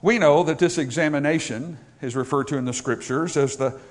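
This sermon comes from a man whose voice is on the high side and a little fast. He preaches emphatically, rising to loud, raised stretches and sinking to quiet asides while reading scripture in old-fashioned phrasing.

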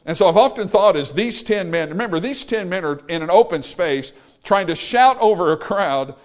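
Male preacher, slightly high voice, sermon delivery that swings between loud and hushed. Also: expressive, moderate pace. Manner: dynamic, swinging from loud exclamations to low quiet lines.

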